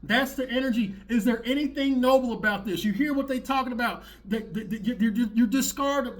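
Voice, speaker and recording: A man's voice: very high voice, fairly quick, hardly any pauses. A man hosting his own channel, reacting to clips in a preachy, rambling rant that circles back on itself. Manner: preachy, rambling, repeats himself. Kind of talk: ranting commentary.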